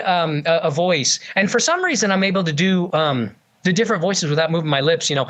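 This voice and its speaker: A man's voice: sits high, lively intonation, brisk, few pauses, a bit bright. A man who works as a ventriloquist, chatting eagerly in an interview and telling stories with lots of fillers. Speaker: ventriloquist guest. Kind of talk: casual interview chat.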